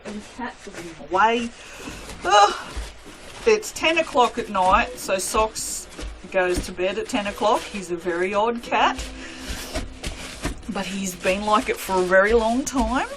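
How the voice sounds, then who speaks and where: A young soap maker chats casually while cutting soap at night in a cold workspace, gushing, mocking herself and talking to her cat. Her mid-range voice is expressive and fairly bright, unhurried with long pauses, and there's a little hiss or hum.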